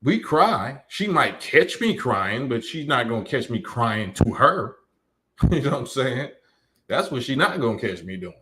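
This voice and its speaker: A man's voice: mid-range voice, very animated, measured pace, sharp tone, slight background noise. A man hosting a live stream, reading chat comments and lecturing emphatically, often repeating his points. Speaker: livestream host.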